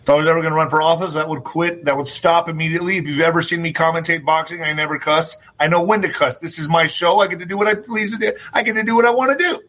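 A fairly high-pitched man with a bright, forceful edge and a husky grain. He hosts his own show and rants freely, swears often and breaks into sudden shouts. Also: steady tone, fast, few pauses, low-quality recording. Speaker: host. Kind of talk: opinionated talk show monologue.

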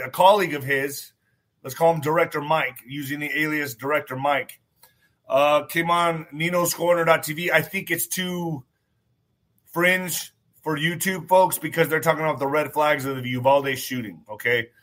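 A man's voice: on the high side, pushed and bright. A man hosting his own livestream in casual talk, emphatic, repeating phrases and swearing freely. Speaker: show host.

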